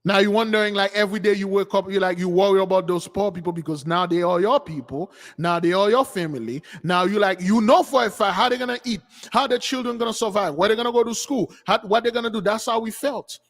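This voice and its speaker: A man's voice: sits high, fast, few pauses. A man hosting a channel, delivering an impassioned, preachy rant as livestream commentary. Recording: long hall reverb.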